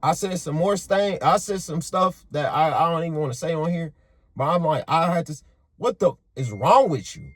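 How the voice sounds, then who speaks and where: A man with a husky voice and a somewhat high pitch tells a story in a casual monologue. His delivery is animated and profane, and his pitch leaps up and drops often as he moves between hushed and loud. The sound is dry and close. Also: moderate pace, no echo. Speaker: motivational vlogger.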